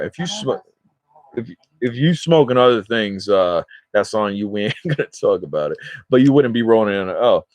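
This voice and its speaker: A man from the New York or New Jersey area, a smoking vlogger and livestream host, speaks at medium pitch with no echo. Settled in his recliner at home, he chats casually with viewers in a rambling, slangy way, easily pulled off track.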